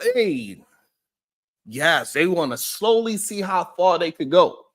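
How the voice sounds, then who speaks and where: A man's voice: high-pitched, slow pace. A man hosting a live-stream show, giving preachy commentary with frequent swearing and talking directly to his viewers. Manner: animated, preachy, swears often, talks to viewers. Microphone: streaming setup.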